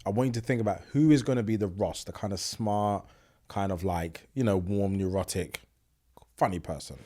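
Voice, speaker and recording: A man's voice: on the low side, moderate pace, dark tone. A man hosting an interview, encouraging and affirming. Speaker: podcast host. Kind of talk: conversational interview.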